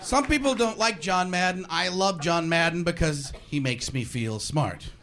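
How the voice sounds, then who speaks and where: High-voiced ranting stand-up comic. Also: male voice, moderate pace, bright, forceful tone, slight background noise. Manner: rants, switches into voices. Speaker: stand-up comedian. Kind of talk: stand-up comedy routine. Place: comedy stage. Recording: live stage with crowd laughter. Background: audience laughing.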